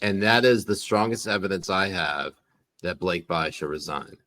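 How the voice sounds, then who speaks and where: A man's voice: deep voice, normal speed, pushed and bright. A man co-hosting a podcast in casual chat, with a joking, mock-serious manner. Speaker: podcast co-host.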